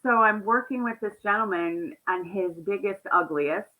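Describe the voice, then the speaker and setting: A woman counselor, a guest in an interview, telling animated stories about her clients, often laughing and quoting their words. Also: medium pitch, normal speed, phone-quality sound. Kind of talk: conversational interview storytelling.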